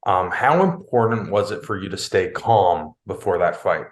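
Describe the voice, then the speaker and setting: A male interviewer asking measured, prepared questions. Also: sits low, animated. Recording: echoey room.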